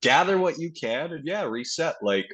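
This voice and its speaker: A man from Canada chatting as a podcast guest, swearing a lot and animated, often mocking others in put-on voices. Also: on the high side, moderate pace, slightly rough. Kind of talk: casual podcast chat.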